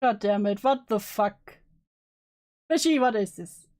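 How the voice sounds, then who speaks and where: A woman's voice: mid-range voice, a little slow, darkish tone. A woman streamer reacting to a clip in casual commentary, teasing and laughing, with free swearing.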